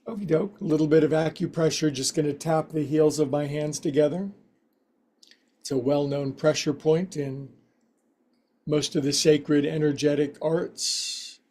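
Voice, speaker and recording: Male yoga instructor, warm mellow tone, slightly higher voice, joking folksy delivery. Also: fairly even intonation. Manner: playful, folksy quips between slow cues. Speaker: yoga teacher. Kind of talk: guided yoga class instruction.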